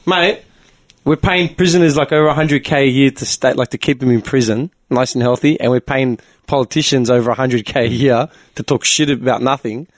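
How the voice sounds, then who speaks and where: Fast-talking, ranting man. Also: mid-range voice. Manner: swearing, ranting, laughing a lot. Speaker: podcast co-host. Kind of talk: casual chat.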